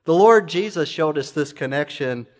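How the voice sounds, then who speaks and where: A man's voice: a little high, expressive, moderate pace. A man preaching a sermon to his church in a conversational way, full of rhetorical questions and repeated phrases. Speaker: pastor.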